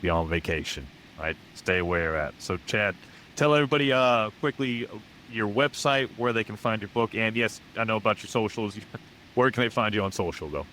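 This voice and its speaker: An American man hosts a podcast interview as a casual chat, sounding enthusiastic and upbeat and repeating his praise often. His voice is fairly low yet fairly bright, at a normal speed, with slight background noise.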